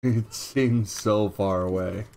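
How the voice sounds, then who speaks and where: A man's voice: fairly low pitch, takes it slowly. A man co-hosting a podcast who has the hiccups, giving short, laid-back replies in casual chat. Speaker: podcast co-host. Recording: faint background noise.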